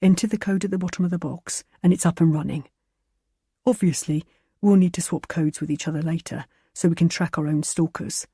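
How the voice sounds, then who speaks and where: A woman narrator voicing a careful young man explaining a plan in a low, instructive way. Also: fairly even intonation, brisk, dark tone, husky, no room sound, studio quality. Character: careful young man, self-confessed control freak.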